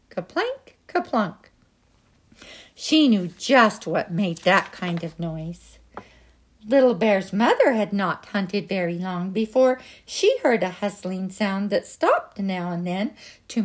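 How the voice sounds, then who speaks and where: Slow, expressive woman reading a storybook. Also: medium pitch. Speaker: storybook reader. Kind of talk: reading a picture book aloud.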